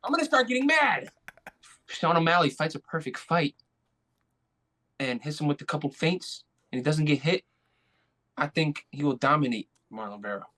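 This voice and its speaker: A man's voice: fairly high pitch, big pitch swings, normal speed, long pauses, pushed and bright. A man as a podcast guest, joking and a bit hesitant, often saying bro. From USA. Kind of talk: casual sports chat.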